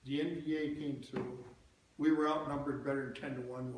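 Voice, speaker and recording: A man's voice: mid-range voice, fairly even intonation, moderate pace, a little hiss or hum. An older man telling a personal story to a church congregation in a folksy, plain-spoken way, with asides to the audience. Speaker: church speaker. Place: church hall. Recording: very echoey church hall, faint ambience.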